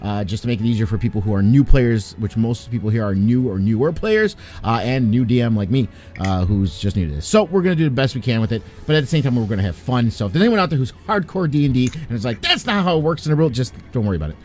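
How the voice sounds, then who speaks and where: A man hosting and running a tabletop game stream, energetic and joking, laughing often. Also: medium pitch, fast talker, few pauses. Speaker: game master.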